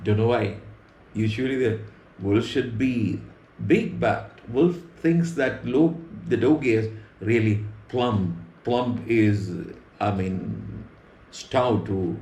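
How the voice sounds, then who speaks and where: A man's voice: on the low side, a little mellow. A man with a Sri Lankan accent, a native Sinhala speaker, patiently explaining words while telling a story as an English teacher. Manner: repeats and rephrases words patiently. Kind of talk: slow explanatory storytelling lesson. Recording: roomy echo, faint background hum.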